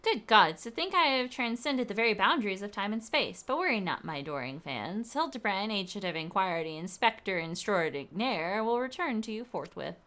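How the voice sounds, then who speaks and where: Grandiose, self-important game inspector read by a woman: theatrical, vain, and bright-toned. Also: mid-range voice, very animated, moderate pace, hardly any pauses. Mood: pompous. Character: pompous vain male gentleman inspector.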